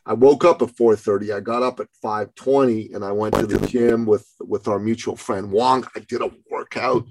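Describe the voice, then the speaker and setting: A man's voice: on the low side, steady tone, normal speed, gravelly, hardly any pauses, darkish tone, rough recording. A man in his fifties hosting a podcast, talking casually in a blunt, profane storytelling way. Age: 50s. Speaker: podcast host. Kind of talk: casual conversation.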